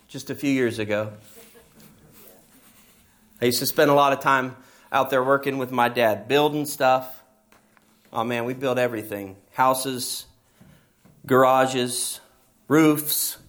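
A man's voice: medium pitch, fairly bright tone. A middle-aged man preaching a sermon as pastor, telling stories and pressing his points with emphasis. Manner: storytelling, emphatic with rising passages.

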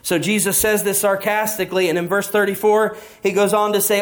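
A middle-aged man preaching a sermon in a lively, conversational way, swinging up and down in pitch for emphasis. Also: brisk, few pauses. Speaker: pastor.

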